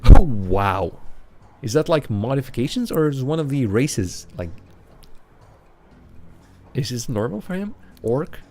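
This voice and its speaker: Man, game streamer, live commentary, chatty, lively pitch. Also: a little slow, pauses often. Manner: chatty, thinking aloud, laughs often.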